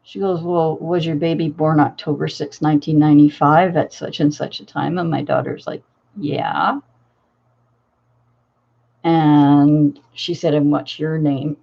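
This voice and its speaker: Older woman, low voice, rambling storyteller. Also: little pitch movement, moderate pace, vocal fry, muffled recording. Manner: rambling, full of fillers and restarts. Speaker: crafting channel host. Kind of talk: casual storytelling.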